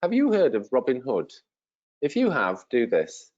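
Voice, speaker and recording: A man in his fifties from England, an English teacher speaking slowly and simply to learners, friendly and encouraging, with many pauses. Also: mid-range voice, wildly swooping pitch, a little mellow, dull audio. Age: 50s. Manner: slow and clear, with many pauses and fillers. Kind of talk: slow, simple self-introduction to language learners.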